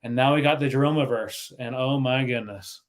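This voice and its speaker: A man's voice: medium pitch, normal speed. A man hosting a casual livestream, laughing often and stumbling over his words as he reads the chat. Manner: giggly, laughs often and breaks off mid-sentence. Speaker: livestream host.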